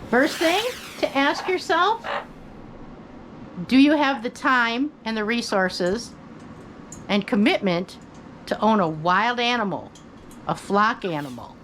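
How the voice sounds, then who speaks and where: An older woman who hosts her own channel, giving relaxed, folksy advice about parrots at home and chatting to her bird now and then. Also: a little high, takes it slowly, long pauses, slight background noise, rough recording. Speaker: parrot owner and channel host. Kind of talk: casual advice talk. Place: indoors at home, by her bed.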